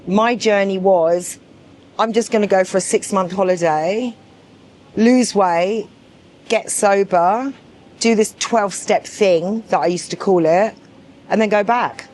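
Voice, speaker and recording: A woman in her forties tells her own story straight to the camera for a documentary. She is blunt and emphatic, circling back on her words and swearing without pause. Her voice sits at an everyday middle pitch. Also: darkish tone, a little hiss or hum. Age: 40s. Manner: frank, repetitive, emphatic. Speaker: documentary subject. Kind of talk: candid personal testimony.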